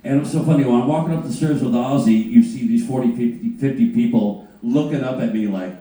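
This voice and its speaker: A man, a guitarist on a panel, telling an animated, profane anecdote with halting restarts. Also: medium pitch. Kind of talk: anecdote storytelling. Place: panel on a cruise ship. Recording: distant mic, very echoey room.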